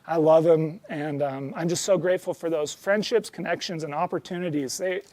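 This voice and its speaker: A man's voice: on the high side, a little fast, a little mellow. A young man telling personal stories as a guest speaker, earnest and heartfelt, with many ums and restarts. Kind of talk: storytelling talk to an audience.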